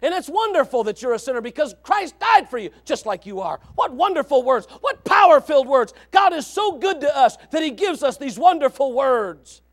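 A man preaching a sermon, moving from quiet asides to shouted exclamations and reading scripture aloud. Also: extremely high pitch, big pitch swings, normal speed, hardly any pauses. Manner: reads scripture in old-fashioned wording. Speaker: pastor. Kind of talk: fiery sermon.

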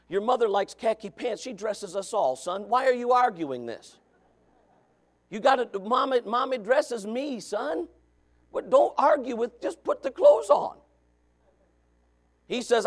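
A man preaching a sermon in a conversational way, moving from quiet asides to shouted points. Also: extremely high pitch, very animated, unhurried, long pauses. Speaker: pastor.

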